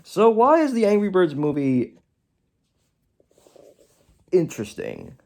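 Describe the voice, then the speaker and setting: Speaking at a slow pace, a man reviews a movie for a casual video in a loose, rambling style full of self-corrections and side remarks. The big swings in his pitch from one phrase to the next give it a lively energy.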